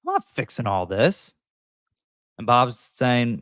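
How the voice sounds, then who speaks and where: Emphatic real estate agent. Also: male voice, medium pitch, expressive, unhurried, pauses often, fairly bright tone, no echo, studio quality. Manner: emphatic, coaching tone, acts out buyers and sellers. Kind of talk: direct-to-camera advice talk.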